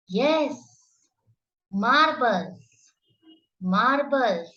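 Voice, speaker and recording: A woman's voice: on the high side, very animated, very slow, long pauses, fairly bright tone, lo-fi sound. A woman teaching phonics to children, sounding out each letter carefully and praising the listener. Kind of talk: slow, exaggerated phonics teaching.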